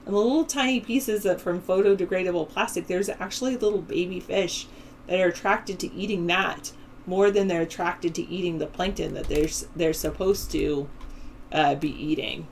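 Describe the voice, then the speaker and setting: A woman's voice: lowish voice, normal speed, a little hiss or hum, low-quality recording. A woman with a Southern California valley-girl accent hosting a call-in show, chatting casually and rambling as she reads news and answers viewers' chat. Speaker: host of a call-in political show.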